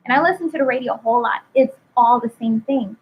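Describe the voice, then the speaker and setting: A woman's voice: on the high side, fast talker. A woman hosting a casual spiritual talk, asking searching questions in a preachy way. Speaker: host. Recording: tinny phone-like line with faint noise.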